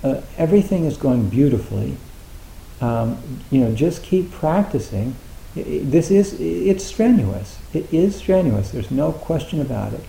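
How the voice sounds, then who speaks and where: Man, zen teacher, informal retreat talk, gravelly, mellow tone, echoey room, lots of fillers. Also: a little high, sing-song, moderate pace, slight background noise. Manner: rambling, many fillers and restarts.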